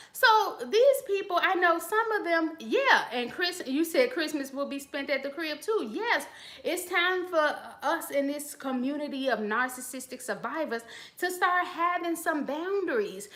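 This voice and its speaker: Woman, high voice, live-stream host, blunt, preachy, slangy, phone mic. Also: a bit bright. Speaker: channel host giving advice. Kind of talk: live-stream chat, reading viewer comments.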